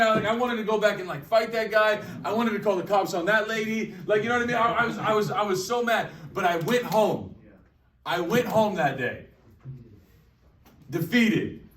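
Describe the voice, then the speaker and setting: A man giving an energetic sales training talk to a group, repeating his phrases. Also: high voice. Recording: echoey room, distant mic.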